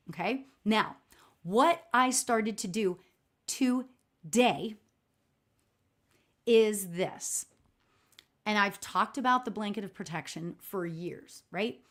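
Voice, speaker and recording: A middle-aged woman with a slightly high voice hosts a casual live stream as a spiritual medium. She talks in an expressive, chatty way and keeps checking in with her viewers. Her voice is loud. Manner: chatty and expressive, frequent "right?" and laughs; self-described loud voice. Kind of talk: casual livestream storytelling.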